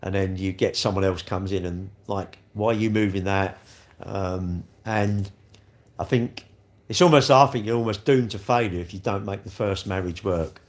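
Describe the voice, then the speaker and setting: A man's voice: low voice, normal speed. Chatty man on a live stream. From London. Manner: chatty, rambling, tag questions, calls viewers mate. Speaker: livestream host. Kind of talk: casual live chat reading comments.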